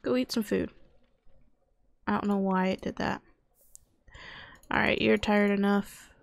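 A woman's voice: medium pitch, fairly even intonation, a little slow, gravelly, dry recording. A young woman casually commenting on her video game as she plays, chatting to her characters and muttering to herself. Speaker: gaming youtuber. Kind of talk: casual let's-play commentary.

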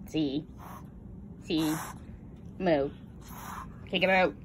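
A woman's voice: fairly low pitch, measured pace, long pauses, slight background noise. A woman talking to her pet genet in teasing, coaxing baby talk. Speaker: exotic pet owner.

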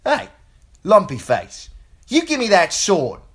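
A man's voice: high-pitched, wildly swooping pitch, slow, husky, voice pushed up, full character voice. A man voicing a pushy, bullying baker's orphan boy, talking in a cocky, goading way. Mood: taunting.

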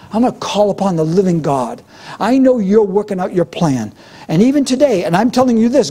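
A man's voice: high-pitched, warm tone, slightly rough. A middle-aged man preaching a sermon as pastor, with a fervent, repetitive preaching cadence.

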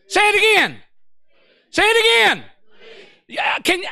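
A man preaching a fervent sermon as pastor, calling out to the congregation and shifting between shouting and quiet storytelling. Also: very high-pitched, huge pitch swings, takes it slowly, gravelly, pauses often, no echo, clean studio sound.

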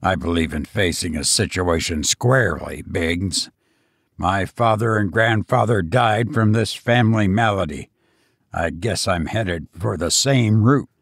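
A gravely ill old banker speaks in a low, commanding voice, slow and blunt, as the narrator plays him. The storybook reading is close and dry, with no room around it. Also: male voice, fairly bright tone, no room sound, heavily acted. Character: dying old male banker, stern and commanding.

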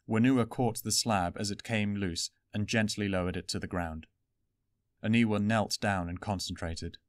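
A man narrating a fantasy adventure story in an even, steady storytelling manner. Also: on the low side, no room sound, clean studio sound. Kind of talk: audiobook fan reading.

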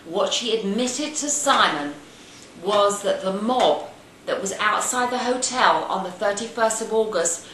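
A British woman hosting a casual tea-and-chat video, talking in an animated, gossipy way and sometimes slipping into silly put-on voices. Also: medium pitch, a little slow, roomy sound, slight background noise, rough recording. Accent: British English. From Britain. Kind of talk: casual chatty monologue.

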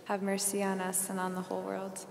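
A woman's voice: medium pitch, monotone, a little fast, vocal fry, a little hiss or hum. A woman from the congregation leading a prayer, reciting it steadily. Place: large church. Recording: echoey church with long reverb.

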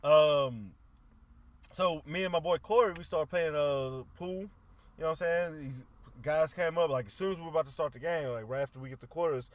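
Podcast co-host, male, slightly higher voice, loose slangy storyteller who swears freely. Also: fairly quick, no echo. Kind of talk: casual chat.

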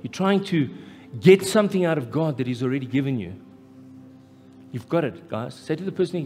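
A man with a South African accent preaching a live sermon as pastor, impassioned and rising to loud, emphatic peaks. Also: on the high side, expressive, fairly quick. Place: church hall, live. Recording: echoey church hall with faint music.

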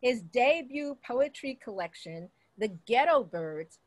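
Slow, measured woman hosting. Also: fairly high pitch, a bit bright, no room sound, rough recording. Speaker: host of the reading. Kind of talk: event introduction.

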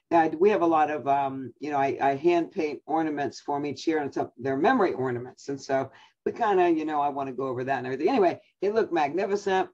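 An older woman with a husky voice, a Bible teacher chatting and telling a family story with frequent laughter before her message, over a video call. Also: low voice, a little mellow, lo-fi sound.

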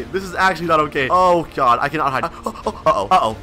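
A young man giving excited, panicky commentary while playing a video game, repeating words in quick bursts. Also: fairly high pitch, faint music behind. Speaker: gaming YouTuber.

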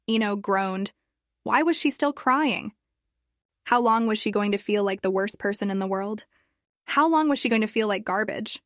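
A woman reading a fan fiction story aloud in an expressive narrating voice. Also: mid-range voice, moderate pace, no echo, clean studio sound.

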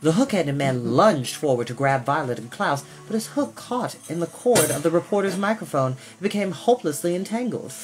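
Expressive man reading a storybook. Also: on the high side, moderate pace, hardly any pauses, over music. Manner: expressive, does voices for characters. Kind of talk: reading a children's novel aloud.

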